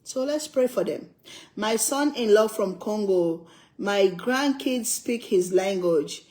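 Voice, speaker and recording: A woman's voice: mid-range voice, lively intonation, takes it slowly, darkish tone, poor audio. An older woman from Africa, chatting casually and emphatically while she eats, repeating her points and laughing often. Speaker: cooking vlogger. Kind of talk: casual chat while eating.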